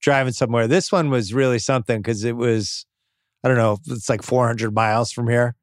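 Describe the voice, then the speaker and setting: A man in his fifties hosting a podcast, telling relaxed, rambling anecdotes in casual chat. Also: medium pitch, fairly quick, dry recording, clean studio sound. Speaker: podcast host.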